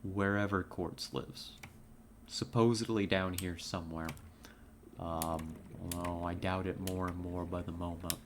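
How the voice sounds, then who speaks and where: A woman's voice: very deep voice, fairly even intonation, measured pace, noisy background. A woman from California streaming a game, chatting with viewers in a laid-back, giggly way on a headset mic. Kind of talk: casual live-stream chat.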